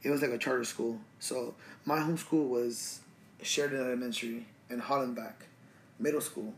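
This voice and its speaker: A man's voice: medium pitch, fairly even intonation, moderate pace, slight background noise. A man in his twenties from Los Angeles, casually telling a rambling story full of fillers and swearing. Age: 20s. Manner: rambling, profane, lots of fillers and restarts.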